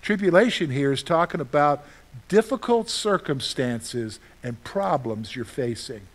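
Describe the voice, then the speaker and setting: A male pastor gives a conversational sermon in a fairly high voice. He throws questions at his listeners and answers them himself. His stories turn animated, with loud bursts of exclamation. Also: unhurried. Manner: animated storytelling with sudden loud outbursts.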